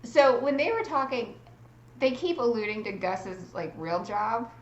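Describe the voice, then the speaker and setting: A woman's voice: a little high, measured pace, roomy sound, dull audio, slight background noise. A woman guest on a podcast in casual chat, curious and asking questions.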